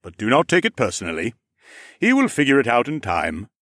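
A man's voice: medium pitch, huge pitch swings, a little fast, fairly bright tone, no echo, studio quality, voice pushed up. A man voicing a jovial, knowing older ram lord with horns, who speaks in a teasing, slightly formal way. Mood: amused.

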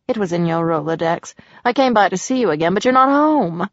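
A woman's voice: lowish voice, lively intonation, a little fast, no room sound. An obsessive, menacing male stalker who wheedles and then snarls with jealous rage, as a woman narrator puts him on. The recording is dry and a little muffled. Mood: wheedling. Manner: creepy and possessive, turning to snarling rage.

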